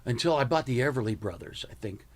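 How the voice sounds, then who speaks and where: A man's voice: mid-range voice, fast talker. An American man in his seventies, a comedian guest telling stories in a casual interview and slipping into impressions of people he knew. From United States. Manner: animated storyteller who slips into impressions.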